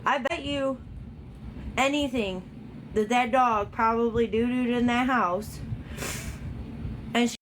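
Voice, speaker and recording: A woman's voice: fairly high pitch, fairly even intonation, takes it slowly, long pauses, a little hiss or hum, poor audio. A woman chatting casually and gossiping, with many fillers and restarts. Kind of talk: casual commentary on a played recording.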